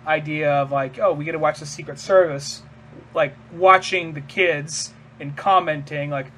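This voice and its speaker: A man's voice: on the high side, steady tone, normal speed, fairly bright tone, slight background noise. A man co-hosting a podcast, rambling in casual chat, laughing and swearing and acting out quotes. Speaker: podcast co-host.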